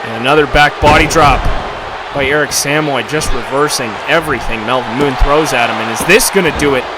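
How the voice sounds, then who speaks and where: A man doing play-by-play commentary for a video game wrestling show, getting excited and shouting at the big moments. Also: mid-range voice, a little fast, background noise. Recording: loud music and crowd behind.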